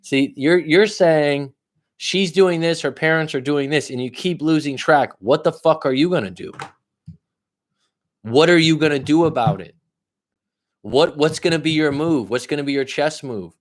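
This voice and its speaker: A man giving live coaching advice in a blunt, profane way, pushing the listener with repeated questions. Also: a little high. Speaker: life coach.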